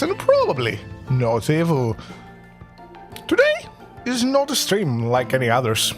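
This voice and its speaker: Brief: young woman, gaming streamer, silly and giggly, very lively pitch, faint music behind. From Greece. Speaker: VTuber streamer. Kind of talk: casual gaming livestream chat.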